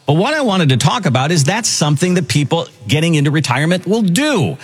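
A man hosts a financial radio show with an upbeat, promotional delivery. His pitch moves a lot and his tone is husky. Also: big pitch swings, quick pace.

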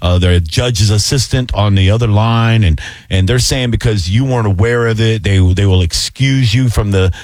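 A man's voice: fairly low pitch, normal speed, few pauses, a little mellow, no echo. A man casually telling a story on a podcast, acting out both sides of a phone call.

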